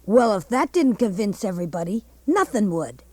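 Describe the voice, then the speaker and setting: A woman's voice: mid-range voice, very animated, moderate pace, warm tone, no room sound. A woman voicing a folksy teenage boy. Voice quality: plainspoken folksy drawl. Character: folksy young teenage boy narrating his own tale. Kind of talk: radio drama narration.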